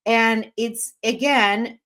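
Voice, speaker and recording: Woman, podcast co-host, casual chat, blunt, sarcastic, opinionated, fairly high voice. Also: steady tone, extremely slow, a bit bright.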